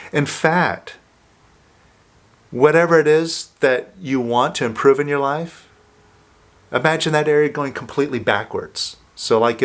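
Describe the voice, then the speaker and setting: Male self-help coach, unhurried delivery, mid pitch, guiding listener through an exercise. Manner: slow, calm, coaching listener through steps.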